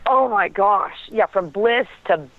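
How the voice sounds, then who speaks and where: A woman guest telling a personal story in a lively way, laughing often and acting out what she and others said. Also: mid-range voice, slow, dry recording. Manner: animated storytelling with laughs and acted quotes. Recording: tinny phone line.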